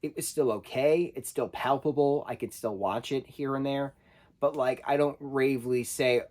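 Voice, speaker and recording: A man's voice: medium pitch, expressive, normal speed. Casual man rambling through a review. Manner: conversational, self-correcting, loosely rambling. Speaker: film reviewer.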